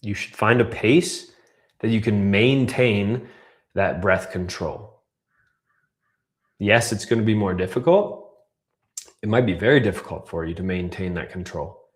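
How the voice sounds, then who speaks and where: A man coaching a guided breathwork class, calmly cueing breaths and counting down holds. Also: fairly low pitch, unhurried, long pauses. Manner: calm, counts down and cues breaths.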